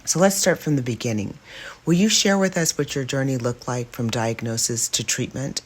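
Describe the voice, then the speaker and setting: A woman's voice: a bass voice, normal speed. Encouraging woman podcast host. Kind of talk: interview questions and listening.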